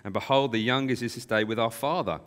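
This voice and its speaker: A man's voice: medium pitch, quick pace, a bit bright, lightly acted. A man voicing frightened brothers who plead that they are honest, read aloud from scripture. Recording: long hall reverb.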